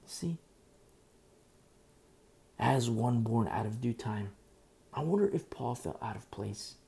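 A man's voice: mid-range voice, lively intonation, takes it slowly, vocal fry, warm tone. A man preaching a sermon as pastor, emphatic and repetitive, often restarting his sentences.

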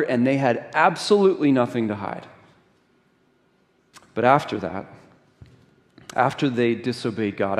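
A middle-aged man preaching a sermon in a conversational, animated storytelling way, full of rhetorical questions. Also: medium pitch. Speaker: pastor. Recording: long reverb of a large hall.

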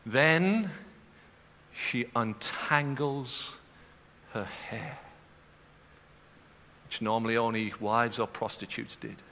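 Man, pastor, slow-paced sermon, bright tone, long hall reverb. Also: medium pitch, a little hiss or hum. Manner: builds from quiet storytelling to loud, impassioned preaching. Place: church auditorium.

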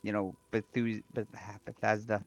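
A man's voice: on the low side, little pitch movement, normal speed, vocal fry, loud music behind the voice. A man co-hosting a podcast, chatting casually and telling rambling stories full of fillers and restarts. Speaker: podcast co-host. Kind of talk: casual chat. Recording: dull dry lo-fi mic.

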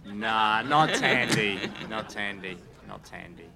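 A man's voice: fairly low pitch, lively intonation, slow, vocal fry, crowd noise. A man with a New Zealand accent, a guest driver bantering and teasing on stage. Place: outdoor live show at a racetrack.

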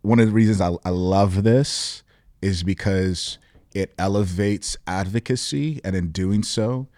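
A man's voice: sits low, unhurried, darkish tone, dry recording, clean studio sound. A man who is a pastor, co-hosting a casual Bible discussion and reflecting thoughtfully in abstract terms. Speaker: pastor, podcast co-host.

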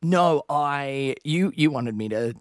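A man's voice: a little high, expressive, slow pace, no echo, studio quality. An Australian man co-hosting a podcast, chatting casually over a video call and laughing at his own stories. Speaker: co-host.

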